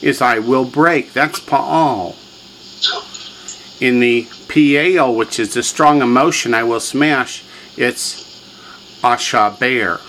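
Man, teacher, classroom lesson, mid-pitched voice, drills and quizzes students. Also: slow pace, fairly bright tone, a little hiss or hum, rough recording. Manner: drills students, has them repeat words, quizzes them. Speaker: language teacher.

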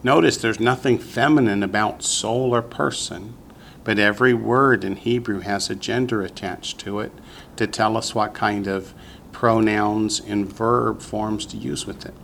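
A man teaching a Hebrew vocabulary lesson to a class, patient and slow, repeating each word for the students. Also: on the low side, fairly even intonation, gravelly, a bit bright, slight background noise.

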